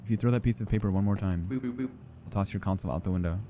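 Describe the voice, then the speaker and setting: A man reading aloud for a grumpy male coworker in a game, quick and flat. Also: deep voice, soft background music, lightly acted. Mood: irritated.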